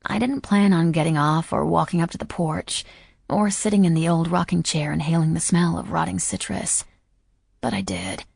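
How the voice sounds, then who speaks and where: A woman narrating a first-person audiobook in a quiet, measured, somber way. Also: low-pitched, vocal fry, slightly rough, dry recording, studio quality.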